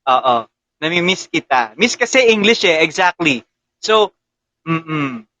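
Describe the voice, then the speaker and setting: A man's voice: on the high side, big pitch swings, measured pace, bright, forceful tone, slight background noise, poor audio. A young Filipino man with a Filipino accent hosting a casual livestream interview, chatty and laughing often with many fillers. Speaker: interview host.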